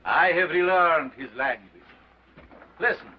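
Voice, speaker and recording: A man's voice: a little high, a little slow, breathy edge. An actor playing a commanding showman doctor with an unusual foreign accent, declaiming to a crowd in 1930s film style. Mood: solemn. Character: sinister male showman doctor, grandiose and commanding. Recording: dull old film soundtrack with hiss.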